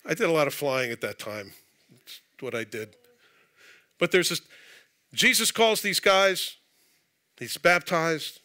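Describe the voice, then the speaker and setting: A pastor giving a conversational sermon in a church, mixing scripture reading with casual asides and jokes. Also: male voice, on the high side, expressive, measured pace, long pauses, bright, forceful tone. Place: church sanctuary.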